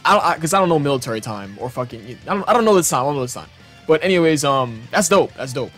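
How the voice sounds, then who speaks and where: A young man hosting a gaming channel, reacting to memes in casual, excitable commentary that is full of swearing and frequent laughter. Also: on the high side, quick pace, soft background music. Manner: excitable, profane, laughs often.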